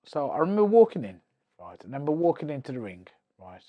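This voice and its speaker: A man's voice: on the high side, fast, dull audio. A man, a former boxer who is a podcast guest, telling stories animatedly with lots of swearing and acted-out quotes. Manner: animated, profane storytelling that acts out quoted voices. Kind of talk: casual podcast interview.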